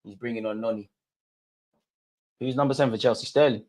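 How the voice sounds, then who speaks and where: A man's voice: mid-range voice, steady tone, a little fast, darkish tone. A young man hosting a live football watch-along, reacting as a partisan fan and talking straight to his viewers in street slang. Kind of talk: live fan commentary on a match.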